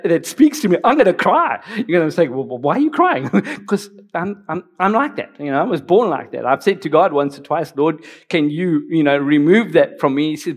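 Man, pastor, high voice, emotional personal preaching, frequent restarts, middle-aged. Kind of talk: sermon.

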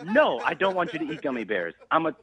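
A man's voice: fairly high pitch, sing-song, fast, sharp tone. A man, a personal trainer, talking on the phone in an exasperated, increasingly angry manner. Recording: muffled phone line.

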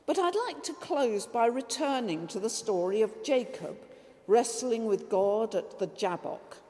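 A woman preacher giving a measured, reflective sermon that includes a story read aloud. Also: on the high side, animated, warm tone, big-room sound.

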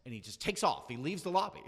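Male storyteller, lively, acts out the dialogue; a reverberant room. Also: on the high side, quick pace, breathy edge. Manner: animated storyteller, acts out quotes. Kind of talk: casual chat, anecdote.

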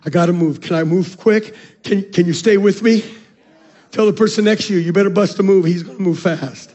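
A male pastor preaching a sermon, calling out to the congregation and swinging from shouted peaks to soft, low passages. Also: fairly quick, highs cut off. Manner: calls out to the congregation.

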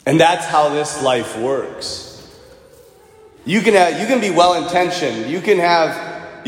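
A man, a priest, giving a conversational sermon and telling stories, now and then acting out the people he quotes. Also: a little high. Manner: storytelling homily, conversational, acts out quoted voices. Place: church. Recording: echoey church with long reverb.

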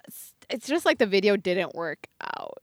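A woman's voice: mid-range voice, big pitch swings, dry recording, studio quality. A woman from New York, a singer on a podcast, talking in a chatty way full of "like". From New York, United States. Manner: chatty, lots of "like", quick to laugh off jokes. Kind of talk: casual interview chat.

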